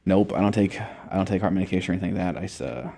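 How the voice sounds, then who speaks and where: A young man from Montana, USA, tells his story as a guest in a casual interview, his voice very low and gravelly with a dark, mellow tone. He talks very fast in a steady tone, laid-back, swearing often and padding gaps with loose filler words.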